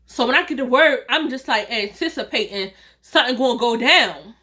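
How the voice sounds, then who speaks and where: A woman vlogger telling a storytime tale in a lively way, often acting out what people said and laughing. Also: a little high, normal speed. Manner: animated, quotes dialogue, laughs often. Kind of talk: storytime vlog.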